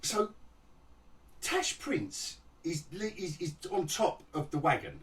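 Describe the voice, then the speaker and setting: A TV review vlogger with a slightly high voice speaks slowly but very animatedly, rambling through a sarcastic rant about an episode as his voice leaps up and down in mockery. He keeps restarting sentences and chuckling at the show, sounding a little distant from the mic.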